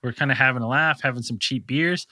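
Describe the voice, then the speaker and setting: A man's voice: mid-range voice, fast talker, sharp tone, no echo, clean studio sound. A man co-hosting a podcast, telling a rambling, profane anecdote with frequent laughs in casual chat. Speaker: podcast co-host.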